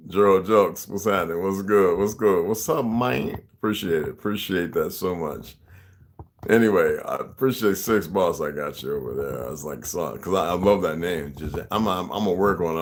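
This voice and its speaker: A man's voice: sits low, a little hiss or hum. A man talking casually to his viewers, rambling with many restarts and asides.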